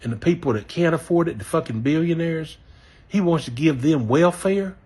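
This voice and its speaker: A man's voice: fairly high pitch, animated, moderate pace, warm tone, breathy edge. A man with a Southern American accent ranting angrily and cursing often, apologizing now and then for his language. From Southern United States. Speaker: voter sharing his view. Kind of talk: angry personal rant.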